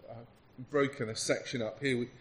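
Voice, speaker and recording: An earnest male preacher delivering a sermon. He talks conversationally, backing up and restarting phrases as he builds his point. His pitch sits in a middle range. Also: steady tone, moderate pace, a bit bright.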